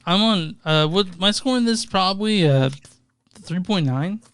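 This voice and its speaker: A man from Texas co-hosting a podcast in casual chat, halting and repeating words, laughing often, on a close podcast mic. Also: high-pitched, lively intonation, fairly bright tone, smooth, no room sound. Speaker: podcast co-host.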